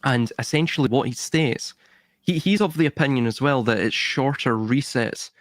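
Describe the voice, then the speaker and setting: A man's voice: mid-range voice, moderate pace, no room sound. A Scottish man talking as a podcast guest in a thoughtful, hedging way, often restarting his sentences. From Scotland. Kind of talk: casual podcast chat.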